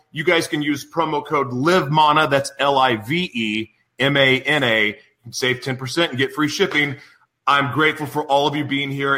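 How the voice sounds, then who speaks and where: A man in his thirties hosting a live radio show, opening with a rambling, self-deprecating, excitable monologue. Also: on the high side. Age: 30s. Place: studio in San Diego.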